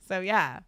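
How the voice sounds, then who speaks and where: A woman's voice: mid-range voice, fairly bright tone. A woman chatting casually as a podcast guest, laughing often as she talks. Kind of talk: casual chat. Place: podcast studio.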